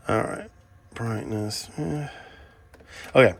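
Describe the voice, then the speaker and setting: A man from England, speaking with an English accent, runs a video transfer shop and vlogs casually from it at night. Blunt and chatty, he breaks into ranting asides in a mid-range, slightly bright voice, going a little slowly.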